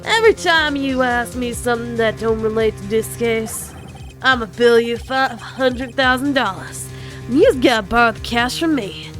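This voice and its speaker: A woman's voice: fairly high pitch, normal speed, fairly bright tone, faint music behind, lightly acted. A woman doing a brash street-slang mobster guy. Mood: menacing. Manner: gruff street slang, attempted Brooklyn drawl. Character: brash mobster loan shark man, tough-talking.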